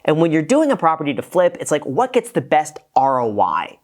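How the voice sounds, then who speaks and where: A man's voice: fairly high pitch, huge pitch swings, brisk. A man hosting a casual reaction show, a former real estate agent who gives frank, cost-minded critiques of a home tour.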